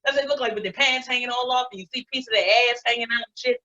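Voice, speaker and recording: A woman's voice: a little high, rapid-fire, few pauses, bright, forceful tone. Forties woman, stand-up comic; brash, profane storytelling, muffled online stream audio. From Baltimore, USA. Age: 40s. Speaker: stand-up comedian. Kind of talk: stand-up comedy set.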